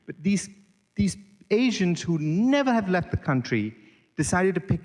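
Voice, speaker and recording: Middle-aged male podcast guest from Sri Lanka, animated storyteller, voice carries a long reverb tail. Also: high-pitched, a little slow.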